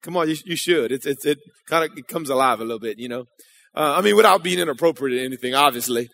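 A man's voice: mid-range voice, lively intonation, quick pace, gravelly, a bit bright, a little hiss or hum. A man preaching a sermon in a church, casual and conversational, calling out to the congregation.

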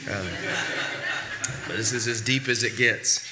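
A man preaching a sermon as pastor. He is getting over a cold, so his voice sits lower than usual, and he talks casually with many fillers and repeated words. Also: steady tone, a little slow, bright, forceful tone, slight background noise. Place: church sanctuary.

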